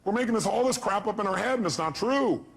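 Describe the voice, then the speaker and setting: A man's voice: high-pitched, animated, fast talker, creaky, breathy edge. A man giving a motivational seminar talk, punchy, firing rhetorical questions at a live audience and acting out voices. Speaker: motivational speaker.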